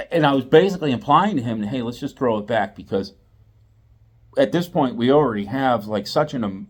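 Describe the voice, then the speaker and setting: A middle-aged man, host of a fishing channel, telling a story in a lively, repetitive way. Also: lowish voice. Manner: animated, acts out quotes, repeats himself. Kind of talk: storytelling monologue.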